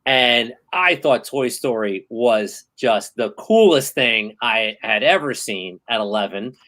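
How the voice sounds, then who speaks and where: A man in his thirties hosting a casual podcast chat, telling stories in an animated, excitable way. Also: medium pitch, slow pace, low-quality recording. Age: 30s. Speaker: host.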